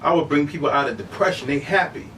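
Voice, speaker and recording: Middle-aged guy telling stories in a laid-back interview, lively, keeps saying you know what i'm saying, mic a bit far, faint room hum. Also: on the high side, fast. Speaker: human beatboxer, interview guest. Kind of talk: casual interview storytelling.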